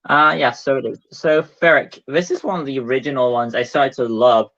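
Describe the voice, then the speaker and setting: A man's voice: mid-range voice, moderate pace, a bit bright. Rambling young man on lo-fi audio. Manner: rambling, hesitant, many fillers. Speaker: co-host ranking books. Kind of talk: casual livestream chat. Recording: dull lo-fi audio.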